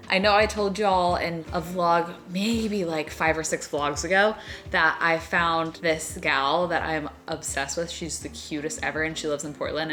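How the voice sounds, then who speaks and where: A young woman vlogging casually to camera, chatty and excitable, gasping and squealing over what she unwraps. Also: fairly low pitch. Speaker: lifestyle vlogger. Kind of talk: casual vlog chat to camera.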